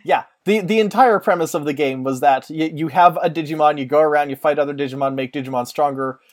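A podcast co-host in casual chat, rambling with quick asides. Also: mid-range voice.

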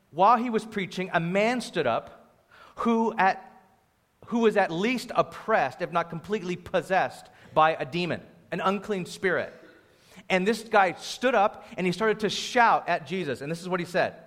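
A young man with a fairly high voice and a sore throat preaches in a loose, storytelling style. His informal, lively delivery rings out with a long reverb trail in a church hall. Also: moderate pace. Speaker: pastor. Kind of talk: conversational sermon. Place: church venue.

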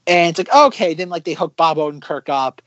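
A man co-hosting a casual podcast, rambling with many fillers and breaking into animated impressions as he critiques sketches. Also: fairly high pitch, fairly quick, dry recording, highs cut off. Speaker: podcast co-host.

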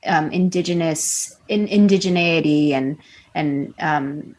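A woman's voice: deep voice, slow pace, darkish tone. Bubbly young American woman, laughing often. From United States. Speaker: podcast guest. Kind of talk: casual interview chat.

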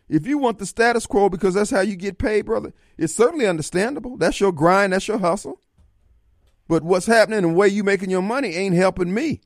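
Male radio host, blunt streetwise talker, slightly high voice, dry. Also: dry recording. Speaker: radio talk show host. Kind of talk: call-in talk radio.

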